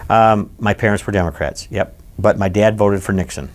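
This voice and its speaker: Recalling his boyhood for an oral history interview, this Michigan man in his sixties tells his stories with animation and emphasis, speaking at a moderate pace in a fairly low voice.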